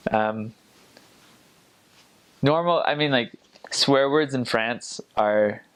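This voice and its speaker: A man's voice: on the low side, clear, resonant tone. A young man chatting casually, rambling with many fillers and frequent laughter as he shares tips on a language. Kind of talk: casual chat.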